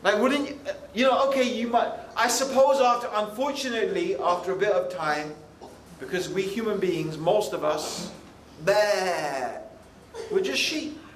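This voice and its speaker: High-voiced male preacher, animated and chatty; echoey hall. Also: moderate pace. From United Kingdom. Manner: animated, conversational, frequent asides. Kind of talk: lively youth sermon. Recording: echoey hall, faint ambient noise.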